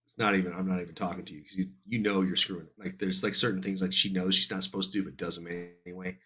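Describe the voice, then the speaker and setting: A man's voice: low-pitched, fast, slightly rough. A man casually telling a family story on a podcast, acting out the voices. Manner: animated, acts out every voice.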